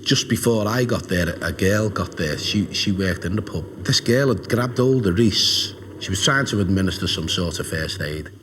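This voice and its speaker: A man giving a halting, emotional documentary interview as a witness. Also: sits low, noisy background. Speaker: witness, friend of the family.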